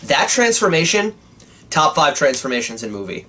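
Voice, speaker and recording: A young man giving an animated, casual movie review, swearing often and restarting his sentences. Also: a little high, moderate pace, a little hiss or hum.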